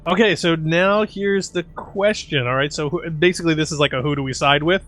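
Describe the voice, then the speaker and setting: A man's voice: fairly high pitch, fairly quick, fairly bright tone, soft background music. A man commenting on a video game in casual, sarcastic banter. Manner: sarcastic, joking. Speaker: gameplay commentator. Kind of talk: casual let's-play banter.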